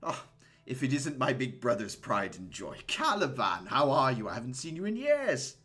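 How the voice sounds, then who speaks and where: A man's voice: huge pitch swings, moderate pace, a bit bright, soft background music. A man voicing a plump, smug and jovial middle-aged uncle in a tabletop game, with theatrical, fussy talk. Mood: gushing. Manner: theatrical, fussy, high-pitched gushing.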